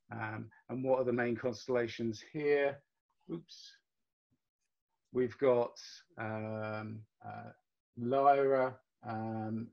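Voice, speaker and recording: A man gives a relaxed, explanatory club presentation over a video call, with many ums and uhs. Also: mid-range voice. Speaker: astronomy club meeting presenter. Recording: dull lo-fi video call audio.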